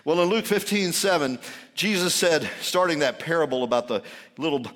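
A man preaches a sermon with a high, bright voice. He swings from loud, fervent shouting to quiet, intimate moments. His voice rings out with a long hall echo. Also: normal speed. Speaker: pastor.

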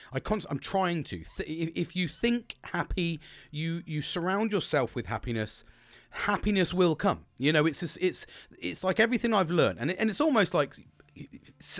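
A British man in his thirties talks through his solo podcast in a loose, rambling way, swearing constantly and full of upbeat energy. His voice runs a touch high and swings widely in pitch. The sound is dry and close, with no room around it. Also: no room sound. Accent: British English. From Britain. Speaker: podcast host. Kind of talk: casual solo podcast chat.

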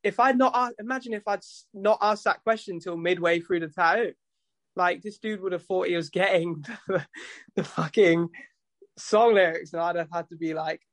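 High-voiced rambling guy. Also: normal speed, no echo. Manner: rambling, swears freely, animated storytelling. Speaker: guest musician and tattoo artist. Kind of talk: casual podcast chat.

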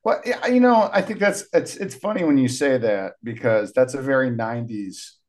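A man at mid pitch co-hosting a relaxed podcast, who lifts his voice sharply when he makes a point. The talk stays conversational. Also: normal speed. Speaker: podcast co-host. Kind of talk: casual movie chat.

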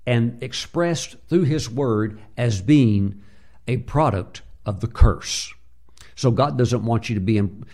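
Man preaching, lots of uhs. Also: darkish tone. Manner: many filler uhs, acts out quoted voices in a higher pitch. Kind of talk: sermon storytelling.

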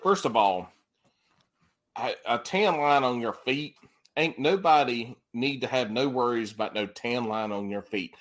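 A man hosting a podcast, bantering crudely and laughing loudly with his guests. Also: mid-range voice, a little slow. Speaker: podcast host. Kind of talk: casual chat.

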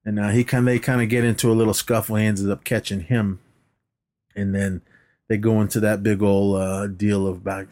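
This podcast co-host has a fairly low voice and a brisk pace as he casually recaps a movie scene by scene. He acts out quoted lines in an animated retelling, swears freely, and laughs often.

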